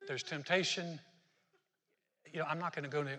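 A man's voice: fairly high pitch, steady tone, moderate pace, pushed and bright. A man preaching a sermon in a church hall, talking fervently and directly to his congregation. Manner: fervent, talks straight to the congregation. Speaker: pastor.

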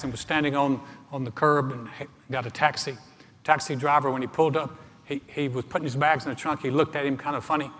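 A man preaching a live sermon as pastor, conversational and joke-telling with halting restarts. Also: fairly high pitch, fairly bright tone, a little hiss or hum. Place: church sanctuary. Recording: live church recording with long reverb.

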